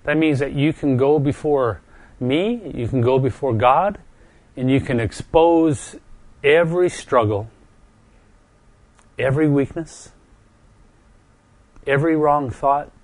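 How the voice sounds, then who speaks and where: A middle-aged man, still recovering from a stroke, preaches a heartfelt sermon gently and earnestly, often pausing and repeating words and quick to get emotional. His voice is medium-pitched, and the recording is dry.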